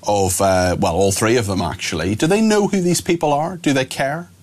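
A man's voice: mid-range voice, moderate pace, a little mellow, slightly rough. A man hosting a talk radio show, opinionated and indignant, firing off rhetorical questions from a studio.

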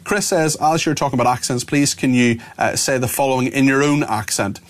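A man hosting a radio phone-in, reading listener texts out loud with a lot of "uh" fillers. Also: mid-range voice. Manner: fast, plain reading with frequent "uh" fillers. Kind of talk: reading listener messages on air.

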